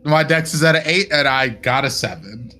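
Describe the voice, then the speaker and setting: A man playing a tabletop horror game, reacting quickly and anxiously to the story. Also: mid-range voice, lively intonation, sharp tone. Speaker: player. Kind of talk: casual tabletop play. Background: faint music.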